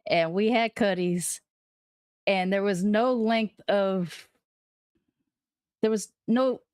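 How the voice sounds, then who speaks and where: A woman's voice: medium pitch, slow, a little mellow, clear, resonant tone, no echo, studio quality. A middle-aged woman co-hosting a podcast, giving wry, opinionated takes in casual chat. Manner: laid-back, wry and opinionated. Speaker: podcast co-host.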